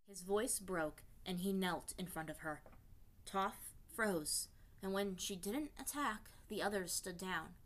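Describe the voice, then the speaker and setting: A woman reading fan fiction aloud in a steady storytelling voice. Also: medium pitch, slow. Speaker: reader.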